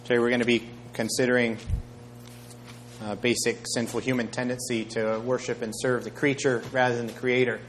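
A man preaching a sermon, reading scripture aloud in a measured way and raising his voice for quoted speech. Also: medium pitch, flat delivery, a little hiss or hum. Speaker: pastor.

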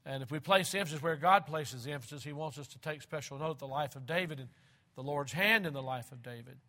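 Bright-voiced emphatic male preacher. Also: fairly high pitch. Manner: emphatic, slow and deliberate, repeating key phrases; swings between loud and hushed. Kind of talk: sermon.

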